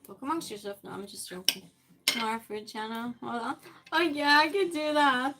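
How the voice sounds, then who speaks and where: A woman's voice: a little high, normal speed, very noisy. A woman chatting casually with her live-stream viewers and answering their messages as she moves things around her small space. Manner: chatty, reads and answers chat while moving things around.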